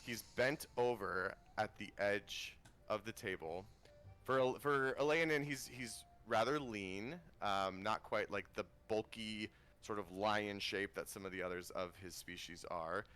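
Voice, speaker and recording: A man's voice: lowish voice, unhurried, sharp tone, smooth, soft background music. A man narrating a tabletop game as game master, rambling with ums and restarts.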